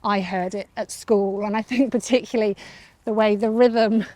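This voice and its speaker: A woman's voice: mid-range voice, fairly even intonation, moderate pace, warm tone, no room sound. A woman interviewer asking curious, conversational questions on location.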